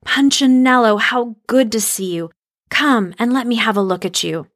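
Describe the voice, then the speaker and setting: A woman reading a gentle old woodcarver. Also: fairly high pitch, no echo, studio quality, voice pushed up. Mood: warm. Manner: gentle, slow and reassuring. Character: kind, patient male woodcarver, large and bearded.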